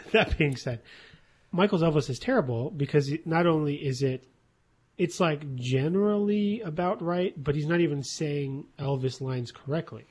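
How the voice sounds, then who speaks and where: A man co-hosting a podcast in casual chat, joking and often pausing with "uh". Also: fairly high pitch, darkish tone, slightly rough. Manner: joking, hesitant with many uhs. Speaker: podcast co-host.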